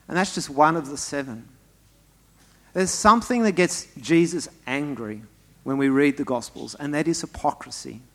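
A man preaching a sermon, emphatic, swinging between loud stresses and quiet asides and putting questions straight to the congregation. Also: medium pitch. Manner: speaks to the congregation directly with rhetorical questions. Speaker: pastor.

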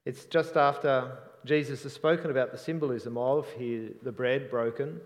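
Guy preaching a sermon, earnest and reflective, mid-pitch voice, big reverby hall. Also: steady tone, moderate pace. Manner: earnest, reflective, trailing off softly at phrase ends.

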